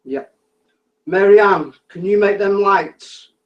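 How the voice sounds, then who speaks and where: A man's voice: sits high, takes it slowly, muffled recording. A man on a ghost hunt, calling out to spirits with patient, repetitive requests. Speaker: ghost hunter.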